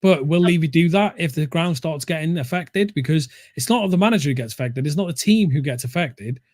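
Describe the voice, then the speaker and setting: A man's voice: on the high side, lively intonation, fairly quick, a little mellow, no echo, clean studio sound. A man talking football on a fan show, blunt and opinionated, calling people mate. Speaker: co-host of a fan talk show. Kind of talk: casual football chat.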